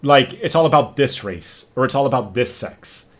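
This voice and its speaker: A man hosting a podcast in casual chat, animated and profane, often acting out what people say. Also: medium pitch, normal speed. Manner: animated, profane, acts out quotes. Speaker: podcast host.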